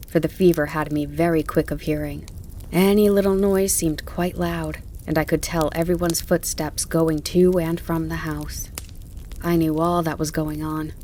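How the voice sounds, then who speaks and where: Woman, audiobook narration, calm and measured, lower voice, faint campfire crackle. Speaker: audiobook reader.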